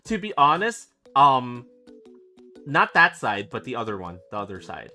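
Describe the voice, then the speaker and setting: Bright-sounding guy chatting on stream, keeps laughing and teasing, trips over words, faint music under it. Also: mid-range voice, very animated, normal speed. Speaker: streamer and illustrator. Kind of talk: casual stream chat. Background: background music.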